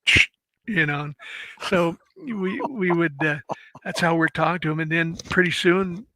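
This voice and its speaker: Older man in his 70s with a fried, gravelly edge, laughing through salty war stories. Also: fairly high pitch, normal speed, bright, forceful tone, no room sound, rough recording. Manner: laughing, swearing war storyteller. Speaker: guest, former Marine and actor. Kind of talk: casual interview chat.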